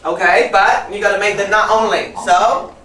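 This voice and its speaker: A woman teacher trainer running a lively classroom demonstration, repeating and correcting students as she goes. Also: mid-range voice, moderate pace. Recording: echoey classroom from far off with faint noise.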